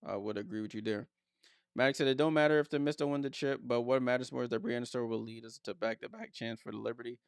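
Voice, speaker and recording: Man, live play-by-play streamer, smooth resonant voice, dry close sound, blunt and teasing. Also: mid-range voice, steady tone, quick pace, no room sound. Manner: reads viewer comments aloud and answers them; blunt, teasing remarks about players. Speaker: watchalong streamer and commentator. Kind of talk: casual live play-by-play commentary.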